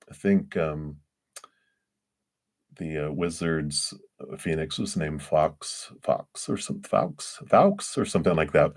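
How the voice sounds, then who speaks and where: A man giving a tarot reading on a livestream, meandering and searching for words, with gentle, affectionate sign-offs. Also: sits low. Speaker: tarot reader.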